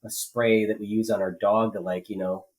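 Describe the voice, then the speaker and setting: A man's voice: on the low side, little pitch movement, fairly quick, poor audio. A man co-hosting a political podcast, talking casually and rambling with many fillers and restarts. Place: rural home.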